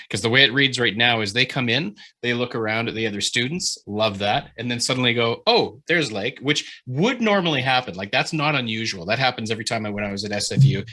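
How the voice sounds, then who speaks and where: A man leading a writing workshop over a video call, giving an animated, informal critique, swearing freely and often restarting his sentences. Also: mid-range voice, slightly rough.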